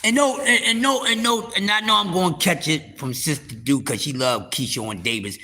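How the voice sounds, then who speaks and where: A man's voice: fairly high pitch, normal speed, pushed and bright, a little hiss or hum. A man hosting a live stream, ranting heatedly about boxing to his viewers, profane and repeating words for emphasis. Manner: speaks straight to the viewers as y'all. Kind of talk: casual boxing rant to a live audience.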